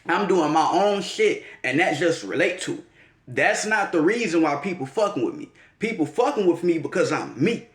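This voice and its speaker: A man's voice: fairly high pitch, animated, normal speed, echoey room. A man giving a slangy, profane, rambling casual monologue as an astrology vlogger.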